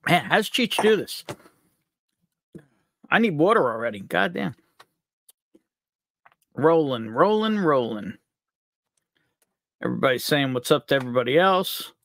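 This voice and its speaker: A cheerful man from upstate New York hosts a live stream, joking around as he greets viewers. His voice sits a touch high and swings up and down with lots of life. The sound is dry, with no room echo. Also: big pitch swings, a little slow, gravelly, long pauses, a bit bright. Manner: upbeat, jokey, reads out chat names. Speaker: livestream host.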